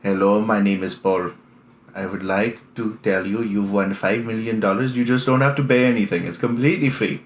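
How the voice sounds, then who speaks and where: A man's voice: fairly low pitch, fairly even intonation, moderate pace, echoey room, a little hiss or hum, natural voice. A man putting on the voice of an overly polite phone scam caller with formal, stilted sales patter. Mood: scammy.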